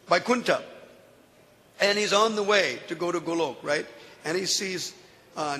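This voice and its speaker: A man teaching from scripture and telling stories in an animated way, often laughing as he explains. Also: a little high. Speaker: spiritual teacher. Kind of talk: scripture lecture with storytelling. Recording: echoey hall.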